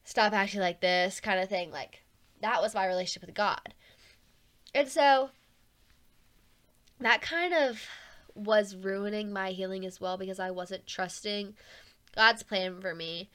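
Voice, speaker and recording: A young woman speaks alone on her podcast in an easy, chatty way. Her voice sits in an ordinary middle pitch. She talks earnestly and openly, and "like" keeps slipping into her sentences. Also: a little slow, long pauses, sharp tone, dry recording. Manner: chatty, heavy use of "like", frank and earnest. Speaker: podcast host. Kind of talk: casual personal podcast monologue.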